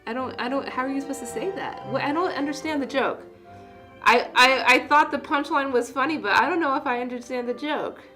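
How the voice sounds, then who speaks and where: A woman's voice: sits high, fairly quick. A woman hosting a casual tea livestream, chatty and self-deprecating, laughing at her own jokes. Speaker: tea seller hosting a live stream. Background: soft classical music.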